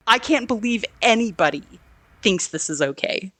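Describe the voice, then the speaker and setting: A woman co-hosting a movie review podcast over a remote call, talking in an animated, indignant way and acting out quotes from the film in lively voices. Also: mid-range voice, moderate pace, no room sound. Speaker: podcast co-host. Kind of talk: casual movie review chat.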